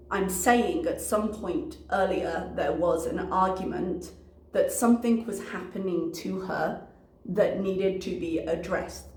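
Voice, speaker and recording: A woman's voice: medium pitch, darkish tone, echoey room, slight background noise. A woman commentator reacting to a video in a casual, analytical way, working through her notes with frequent ums.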